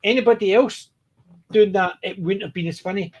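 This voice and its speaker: Man, casual fan discussion, rambly, a bit higher-pitched than most. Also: fairly quick, a little mellow, slightly rough, muffled recording. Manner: rambling, restarts often, laughs while retelling jokes. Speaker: podcast co-host.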